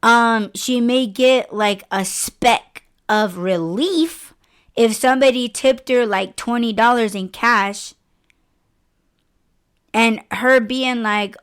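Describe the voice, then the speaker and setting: A woman's voice: fairly high pitch, takes it slowly, clear, resonant tone. A woman hosting a podcast, chatting candidly and expressively, swearing freely as she rambles. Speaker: podcast host. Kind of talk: casual podcast chat.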